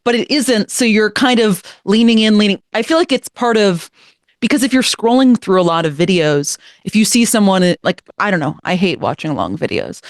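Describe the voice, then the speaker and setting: A woman's voice: medium pitch, expressive, brisk, no echo. A young woman chats casually on a panel in a mid-range voice, peppering her speech with "like." The sound is dry and close. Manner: chatty, lots of "like". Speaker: podcast co-host.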